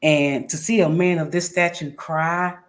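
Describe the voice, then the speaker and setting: A woman's voice: sits low, steady tone, measured pace. A woman guest telling a personal story in an interview, earnest and emphatic, repeating phrases for weight.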